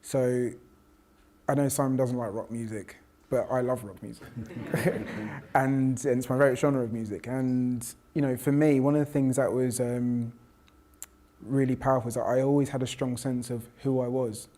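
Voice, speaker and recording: Professor, reflective storyteller, mid-pitched, restarts a lot. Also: male voice, steady tone, normal speed, dark tone. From South London. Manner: reflective, with frequent restarts and quoted voices. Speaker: professor and panel guest. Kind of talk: personal storytelling in conversation.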